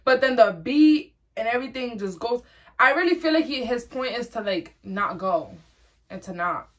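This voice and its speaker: A woman's voice: a little high, expressive, moderate pace. A young woman from Rhode Island hosting a music reaction chat, slangy and rambling with frequent restarts. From Rhode Island, USA. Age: young adult. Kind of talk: casual chat.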